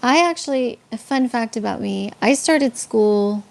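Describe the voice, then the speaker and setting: Hosting a live stream, a woman from San Antonio, Texas, with a Tex-Mex accent chats with viewers, responds to chat comments, and tells faith stories, full of ums and restarts. Her voice is fairly high, expressive, gravelly, and a little slow.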